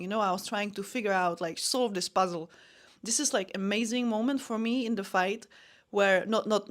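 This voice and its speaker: A young adult woman, a podcast host and MMA fighter, telling a personal story in a candid, self-deprecating way with frequent restarts. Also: medium pitch.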